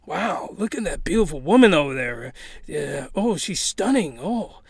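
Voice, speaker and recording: Guy putting on a creepy lusty pole voice, low murmurs, kinda breathy, gets all gaspy. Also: big pitch swings, normal speed, dry recording, clean studio sound, heavily acted. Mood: leering. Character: leering male voice of a bus pole, lustful.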